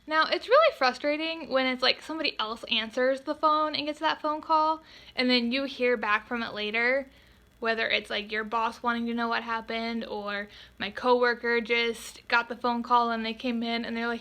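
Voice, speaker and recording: Bright-voiced woman telling a vlog story. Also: on the high side. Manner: animated and exasperated, quoting people in quick voices. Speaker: photographer.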